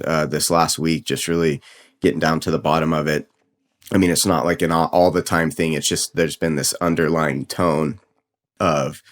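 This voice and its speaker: Male podcast host, low-pitched, casual solo motivational talk, blunt and unfiltered. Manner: casual, candid, swears freely.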